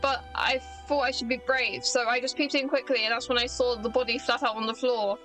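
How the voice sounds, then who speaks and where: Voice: medium pitch, little pitch movement, fairly quick, sharp tone, close to an everyday voice, rough recording. A British streamer voicing a nervous male bank security guard in a video game, reading his lines plainly over faint game music. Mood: worried. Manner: plain dialogue reading, folksy phrasing.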